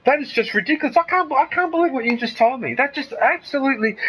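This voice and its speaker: A man's voice: very high voice, lively intonation, quick pace, sharp tone, low-quality recording. An Australian man streaming a game, ranting heatedly and swearing freely while talking to his live chat. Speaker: gaming streamer. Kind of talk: casual live-stream commentary.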